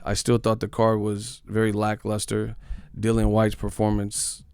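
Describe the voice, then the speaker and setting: A man's voice: fairly low pitch, monotone, measured pace, a little mellow, clear, resonant tone, no room sound, clean studio sound. A man hosting a live boxing stream, blunt and profane, answering questions from his chat. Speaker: boxing channel host.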